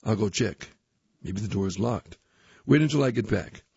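A man voicing a demanding, gruff older male hockey coach in a read-aloud story, in a brisk, commanding manner. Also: on the low side, animated, a little mellow, no echo, lo-fi sound, full character voice. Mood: stern.

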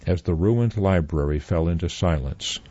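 A man reading a story aloud as narrator, in measured scripted narration. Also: low voice, mellow, husky, no room sound. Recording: dull, muffled dry recording.

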